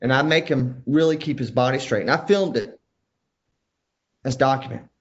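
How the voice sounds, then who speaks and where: A man telling family stories as a podcast guest, animated and jumping into other people's voices. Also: medium pitch, moderate pace, highs cut off. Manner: animated storyteller who acts out family members' voices. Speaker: guest, father of five. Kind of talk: storytelling in conversation.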